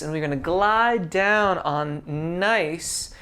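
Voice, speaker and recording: A woman giving a singing lesson, calmly explaining technique and breaking into sung demonstrations. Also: low voice, measured pace. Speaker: singing teacher.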